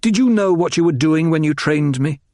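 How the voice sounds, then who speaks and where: A man's voice: fairly high pitch, lively intonation, moderate pace, a little mellow, no echo, studio quality, voice pushed up, close to an everyday voice. A man reading the part of a gifted young nobleman, bitter and intense, his voice rising as he grows frantic.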